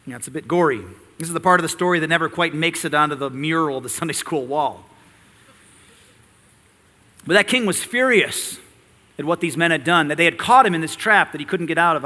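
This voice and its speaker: Bright-voiced male pastor in a reverberant church. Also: fairly high pitch. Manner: earnest teaching, rhetorical questions to the congregation. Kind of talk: expository sermon with scripture reading.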